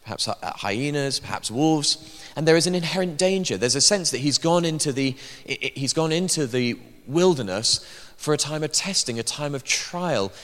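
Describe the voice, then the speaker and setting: A man's voice: on the high side, lively intonation, moderate pace, few pauses, fairly bright tone. A man preaching a sermon in a church, emphatic, with dry asides. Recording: long hall reverb.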